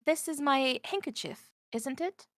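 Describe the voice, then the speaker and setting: A woman reading a visual novel aloud, narrating in the first person and voicing the heroine with a lively, wondering manner. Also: sits high, measured pace, dry recording.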